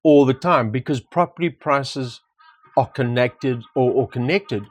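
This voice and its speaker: A man's voice: mid-range voice, unhurried, breathy edge, no echo, highs cut off. A man co-hosting a property discussion, talking casually and reflectively, telling anecdotes and repeating words for emphasis. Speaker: property market co-host. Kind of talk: casual conversation.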